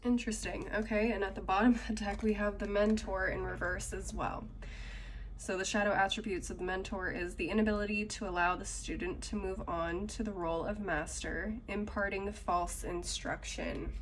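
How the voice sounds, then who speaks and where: Woman with a cold, slightly congested, middle-pitched, casual and musing as a tarot reader. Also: steady tone, moderate pace, a little hiss or hum. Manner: chatty, musing aloud over cards. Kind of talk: casual tarot reading to camera.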